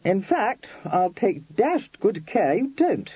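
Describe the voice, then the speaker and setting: Man doing a clipped slangy regency dandy, bouncy, husky voice, dry dull sound. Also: high-pitched, big pitch swings, takes it slowly, dry recording, voice pushed up, full character voice. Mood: blunt. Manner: clipped slangy phrases, dropping words. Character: mild young Regency dandy, blunt and fond.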